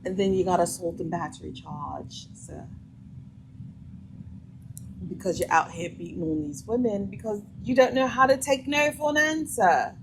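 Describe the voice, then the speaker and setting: A woman's voice: mid-range voice, moderate pace, noisy background. Blunt woman host giving opinions. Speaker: vlog host reacting to a clip. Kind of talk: casual commentary.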